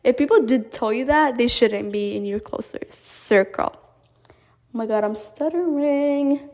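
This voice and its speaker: A woman's voice: a little high, unhurried, darkish tone. Chatty young woman rambling to listeners. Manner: chatty, rambling, self-interrupting with many fillers; talks directly to listeners as guys. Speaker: podcast host. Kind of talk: casual chat.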